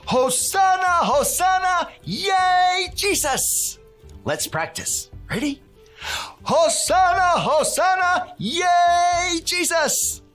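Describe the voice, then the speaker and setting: A man's voice: on the high side, wildly swooping pitch, measured pace, a bit bright, breathy edge, soft background music, heavily acted. A man playing Luis the Handyman, a bouncy, cheerful handyman. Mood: cheering. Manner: bouncy, exclamatory, sprinkles in Spanish words. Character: cheerful male handyman, friendly and upbeat. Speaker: children's church presenter. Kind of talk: scripted kids' Bible lesson.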